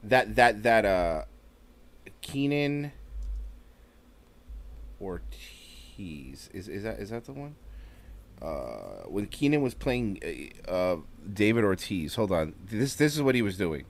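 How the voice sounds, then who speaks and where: A man's voice: fairly low pitch, slow pace, long pauses. A man hosting a podcast, reacting to a clip with jokes and swearing. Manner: joking, swearing, animated interjections. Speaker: podcast host. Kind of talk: casual reaction chat.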